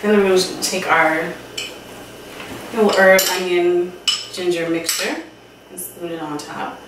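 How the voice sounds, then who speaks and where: A woman hosts her own cooking show in a roomy kitchen and talks straight to the viewers in a chatty, friendly way. She is recorded from some distance away, so her voice sounds echoey. Quiet clinks of dishes and cutlery can be heard in the background. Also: fairly low pitch, fairly even intonation, unhurried, noisy background. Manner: chatty, addresses viewers directly. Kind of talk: casual cooking demonstration. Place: home kitchen.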